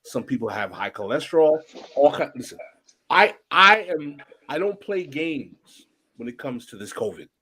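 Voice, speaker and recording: A man's voice: on the high side, very animated, normal speed, sharp tone, breathy edge. A man co-hosting a casual podcast chat, talking animatedly with frequent restarts. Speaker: podcast co-host.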